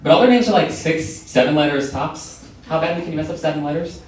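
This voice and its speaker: A young man doing a stand-up set on a comedy club stage, delivering dry, deadpan one-liners into a stage microphone. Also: a little high, fast talker. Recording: echoey club, mic from far, noisy.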